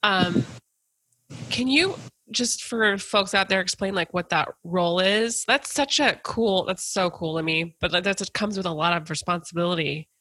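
A woman hosting a podcast, a nurse, chatting casually with her guest and listing colleagues quickly. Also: lowish voice, pushed and bright.

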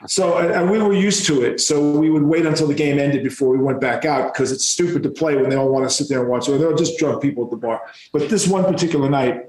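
Animated man telling rock stories. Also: on the high side, fast talker, hardly any pauses, echoey room, low-quality recording. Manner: animated and profane. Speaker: rock musician guest. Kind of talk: casual storytelling.

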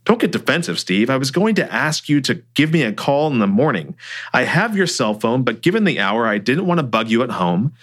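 A man doing a steady, measured older mentor. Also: medium pitch. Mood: firm, concerned. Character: calm, firm male client and mentor.

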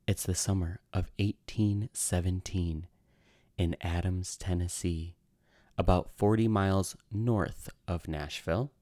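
A man's voice: low voice, fairly even intonation, unhurried, mellow, dry recording. A man hosting a paranormal true crime podcast, telling the story in a chatty way and wandering off into tangents. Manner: chatty, tangent-prone, self-amused. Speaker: podcast host. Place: lives in New York City.

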